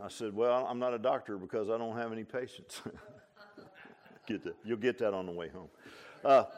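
A pastor preaches in a folksy, conversational way. He leans into loud, emphatic calls, then drops to low, quiet asides. His voice sits a touch high for a man. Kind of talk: sermon.

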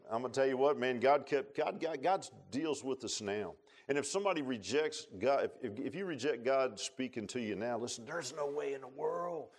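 A man preaching a sermon in a church, telling stories in a folksy way and swinging between loud rises and quiet low passages. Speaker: pastor. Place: church sanctuary.

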